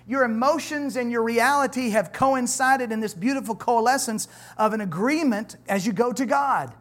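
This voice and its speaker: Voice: mid-range voice, normal speed. Pastor mid-sermon: conversational, joking, reads scripture with building emphasis. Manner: animated, conversational preaching with humor and asides to the congregation. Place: church.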